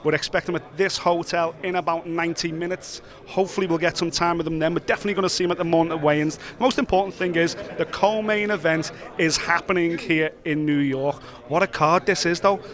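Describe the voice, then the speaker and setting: Excitable high-voiced man hosting a vlog. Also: fast talker, few pauses. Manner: chatty, excitable, sweary. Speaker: host. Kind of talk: casual walk-and-talk vlog.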